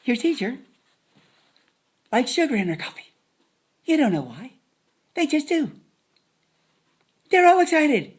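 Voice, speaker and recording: A woman's voice: sits high, big pitch swings, a little slow, pauses often. A woman giving a playful math lesson to children, dropping silly jokes as she counts. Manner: silly, joking asides.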